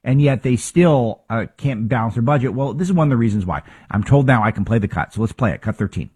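A man's voice: medium pitch, animated, fast talker, a little mellow, slightly rough. A man hosting a political talk show, delivering opinionated commentary with emphatic rhetorical questions and frequent restarts.

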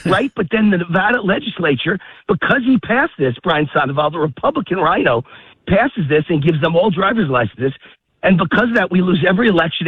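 A man calling in as a guest, out of breath while walking a dog in a park, talking in an emphatic, rapid-fire, repetitive way. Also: high-pitched, husky, no room sound. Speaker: call-in guest. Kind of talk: heated political phone interview. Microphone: phone. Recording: tinny dry phone line.

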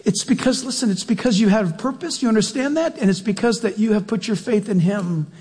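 A man preaching a sermon in a church, animated, acting out quotes and questioning his congregation. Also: high-pitched, brisk, breathy edge, in a large hall.

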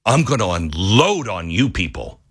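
A man hosting talk radio, delivering a fervent monologue that swings from quiet intensity to near yelling. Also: on the low side, sing-song, moderate pace, husky, dry recording, studio quality. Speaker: radio talk show host.

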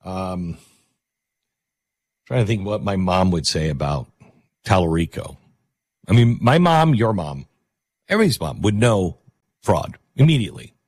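Man, radio talk host, sarcastic, rambling, fairly low, husky, dry studio sound. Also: sing-song, unhurried, long pauses, darkish tone, no echo. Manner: sarcastic, mocking, with rambling asides. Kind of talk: opinionated talk radio monologue.

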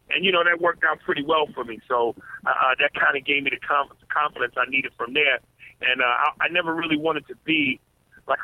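A man's voice: medium pitch, dry recording. Male comedian guest phoning in, mid-range voice, tinny line, laid-back with many stumbles. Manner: relaxed, stammers and restarts often. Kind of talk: casual radio interview.

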